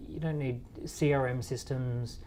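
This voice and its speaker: A man in his thirties talks through ideas in an easy, rambling way, stopping and restarting with fillers as he builds each point. His voice sits at an ordinary middle pitch. Faint room ambience hums behind him. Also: fairly even intonation, a little slow, background noise. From Australia. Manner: storytelling with quoted dialogue, frequent fillers and restarts. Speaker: entrepreneur guest. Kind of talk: conversational interview answers.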